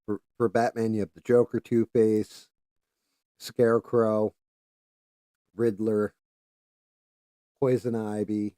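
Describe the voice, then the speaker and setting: A man's voice: fairly low pitch, level tone, takes it slowly, long pauses, mellow, dry recording. A man hosting a casual livestream, rambling and swearing freely as he chats while doing careful handwork. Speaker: livestream host.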